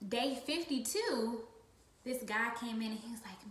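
A woman who leads a business team talks casually about her faith in a vlog, her fairly high voice animated and a little slow. She's emphatic, repeating words and phrases for stress, and the room sounds echoey.

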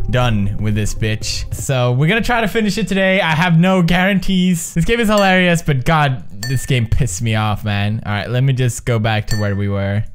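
A young man giving let's play commentary on a quiz game, excitable and profane, often laughing and yelling at the screen. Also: fairly high pitch. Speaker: gaming video host.

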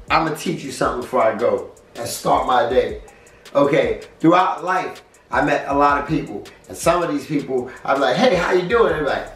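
A man's voice: mid-range voice, fairly bright tone. Upbeat fifty-year-old man, roomy sound. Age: 50s. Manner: upbeat, preachy pep talk with acted-out quotes. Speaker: vlogger. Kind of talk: casual vlog monologue. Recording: roomy, a bit distant, music behind.

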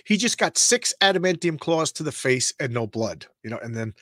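A middle-aged man from Long Island talks through old comic pages, stumbling over his words with excitement. His voice sits a little high for a man, and the sound is dry and close with no room echo. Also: brisk. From Long Island, New York. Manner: excitable, stammering repeats, rambling asides. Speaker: comics show host. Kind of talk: casual comic read-through commentary.

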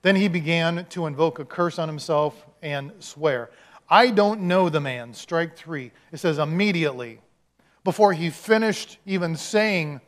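Male pastor, sermon, slightly high voice, storyteller who acts out the quotes. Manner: conversational storytelling, acting out quotes.

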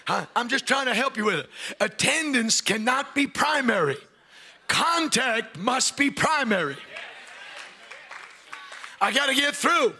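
A man preaching a loud, fiery Pentecostal sermon to a congregation in a church. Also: extremely high pitch, very animated, a little slow, pauses often, slightly rough. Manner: loud, shouting, preaching with rising bursts.

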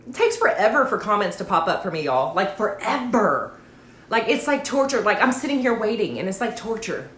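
A woman, chatting to livestream viewers and telling a story, with lots of animated asides. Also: medium pitch, brisk, slight background noise. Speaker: network marketing livestream host. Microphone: phone or webcam livestream. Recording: echoey room.

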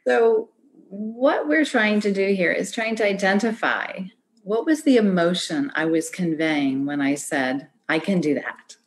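A woman's voice: medium pitch, animated, unhurried. A woman leading an online arts workshop, giving encouraging instructions over a video call. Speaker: workshop facilitator.

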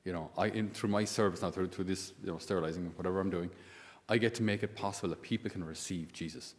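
A man's voice: low voice, fairly even intonation, quick pace, long reverb tail. A man, a priest giving a conversational sermon full of asides and rhetorical questions.

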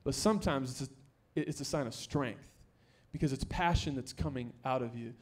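A young man preaching a sermon in a church, joking with the congregation and rising to near-shouts to stress his points. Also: mid-range voice, normal speed. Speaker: pastor. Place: church sanctuary.

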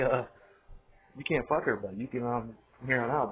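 A man's voice: medium pitch, fairly even intonation, quick pace. A man rambling in a profane monologue, laughing often and trailing off mid-thought. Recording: tinny phone-like audio, faint hiss.

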